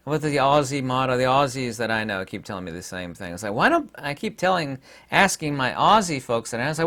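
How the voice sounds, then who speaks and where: A man's voice: medium pitch, very animated, brisk, hardly any pauses, a bit bright. A man hosting his own opinion vlog, talking in an emphatic, rambling, indignant way. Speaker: channel host.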